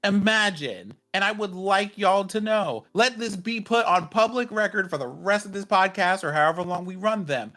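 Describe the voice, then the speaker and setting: A man's voice: sits high, lively intonation, normal speed, few pauses, bright, forceful tone. A man co-hosting a casual tech podcast, ranting emphatically with plenty of swearing.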